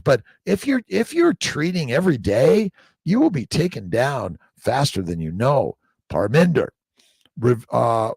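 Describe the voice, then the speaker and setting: A middle-aged man hosts a casual live-stream chat, reading viewer comments aloud in an upbeat, exclamatory way, swinging between loud bursts and low murmurs. His voice is creaky and husky, recorded with studio quality and no room sound.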